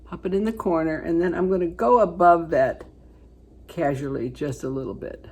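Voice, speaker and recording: A woman in her seventies chatting casually through a makeup tutorial, rambling into family stories and then going soft when she works on her eyes. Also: fairly low pitch, normal speed, husky. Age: 70s. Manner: chatty storyteller, rambling with fillers, dropping to soft asides while applying makeup. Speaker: beauty vlogger.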